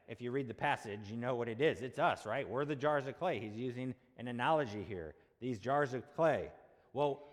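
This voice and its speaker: A male pastor preaching a sermon in a conversational way, asking rhetorical questions and checking in with the congregation. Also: mid-range voice. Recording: long hall reverb.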